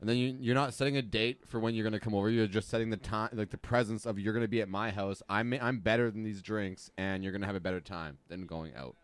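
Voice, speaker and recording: A man's voice: on the low side, fairly even intonation, fast talker, hardly any pauses, smooth, dry recording. A Canadian man co-hosting a casual podcast, laid-back and swearing. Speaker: podcast co-host.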